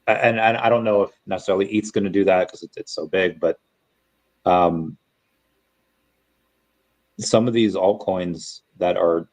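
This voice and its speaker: A man chatting as a guest on a podcast, asking hesitant, halting questions. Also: low-pitched, fairly even intonation. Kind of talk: casual chat.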